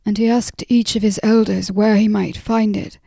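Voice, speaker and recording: A woman narrating a story in a whispered role-play, softly and unhurriedly. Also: mid-range voice, flat delivery, vocal fry, no room sound, clean studio sound. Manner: soft, unhurried reading.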